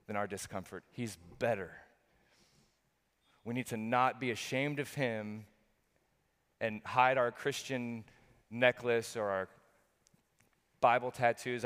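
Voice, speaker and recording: A middle-aged man preaches in a church hall, and his mid-pitched voice rings out with a long reverb. He talks earnestly and with emphasis, often restarting his phrases. His delivery swings from loud bursts down to quiet, low stretches. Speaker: pastor. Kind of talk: sermon.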